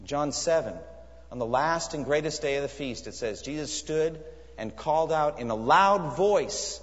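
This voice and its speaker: A man's voice: a little high, animated, moderate pace. A man preaching a sermon in an earnest, emphatic way, pressing his listeners with searching questions. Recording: echoey hall, dull lo-fi sound.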